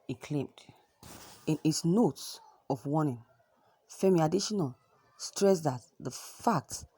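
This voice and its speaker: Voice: mid-range voice, darkish tone, husky, dry recording. A news reader who reads a report and then gives emphatic, repetitive opinion commentary. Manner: emphatic, repeats points with restarts.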